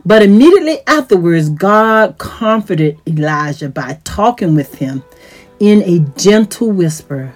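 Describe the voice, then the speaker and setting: A woman teaching from the Bible at an unhurried pace, reading the verses aloud and then retelling them simply. Her pitch lifts whenever she grows excited. Faint music plays quietly beneath her voice. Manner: reads scripture aloud then retells it in plain words; voice rises in pitch when excited. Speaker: teacher of a church series.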